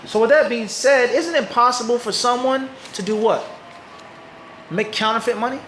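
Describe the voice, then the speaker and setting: A man's voice: very high voice, normal speed, fairly bright tone, reverberant, slight background noise, rough recording. A man from Philadelphia with an American accent, teaching a live audience and often asking rhetorical questions before answering them himself. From Philadelphia, USA. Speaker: Islamic teacher.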